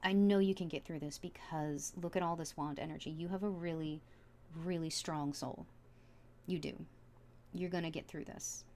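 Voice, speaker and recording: A tarot reader gives a casual reading to camera, chatty and earnest, full of fillers, stopping and restarting sentences. Her low voice is soft, sincere and fairly even at normal speed, turning quietly emotional as she reassures the listener. A little hiss or hum is audible.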